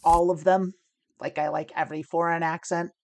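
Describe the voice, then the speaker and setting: A woman from the United States gives live-stream commentary on her online poker play in a low, gravelly, darkish voice with a flat delivery at normal speed. Chatty and self-mocking, she explains her moves, laughs often and swears lightly, with slight background noise.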